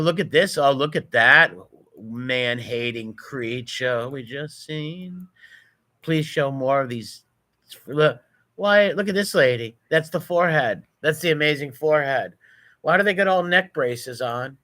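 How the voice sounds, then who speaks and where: A man's voice: a little high, unhurried, pushed and bright, dry recording. A man giving profane, mocking reaction commentary over video clips. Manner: mocking, profane, running insults.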